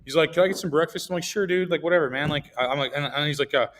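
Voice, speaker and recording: A male podcast host rattling through casual chat at a breakneck clip. His voice is bright and forceful, sitting a little high. He rambles, swears freely and trips over repeated words. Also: very fast.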